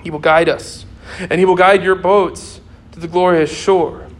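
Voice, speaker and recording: A man's voice: high voice, fairly even intonation, unhurried. A young man preaching a sermon in an earnest way, repeating key phrases for emphasis.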